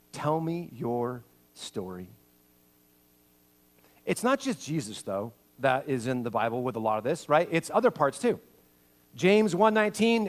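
A male pastor preaching a sermon, swinging between loud, acted-out quotes and hushed, intimate passages. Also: medium pitch.

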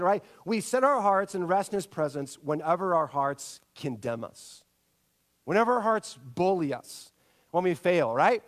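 Man, pastor, sermon, high voice, animated storytelling, keeps checking in with the congregation. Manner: storytelling, animated, asks the audience for agreement.

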